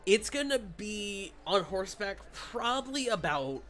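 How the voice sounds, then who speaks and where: A man running a tabletop game as game master, narrating scenes in a casual, animated way with swearing. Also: sits high, measured pace.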